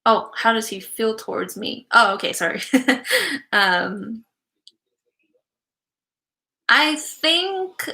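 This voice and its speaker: A woman's voice: fairly high pitch, very animated, slow pace, pauses often, sharp tone. A young woman giving psychic readings on a live stream, chatty and giggly with many fillers.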